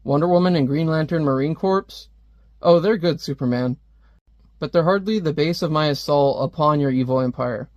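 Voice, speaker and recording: A sneering, self-satisfied genius villain taunts his rival with cutting remarks, as a man reads the comic's lines aloud. The voice sits a little high and sounds dry and close. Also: normal speed, a little mellow, no room sound, highs cut off, close to an everyday voice. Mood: smug taunting. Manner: mocking, taunting. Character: smug scheming male genius villain. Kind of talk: reading comic dialogue aloud.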